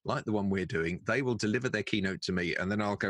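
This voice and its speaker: A man's voice: fairly low pitch, fairly bright tone, no echo. A middle-aged man from England, a guest telling wry stories in a casual interview over a video call. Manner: jokey storyteller, quick wry asides. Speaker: guest, professional speaker and announcer.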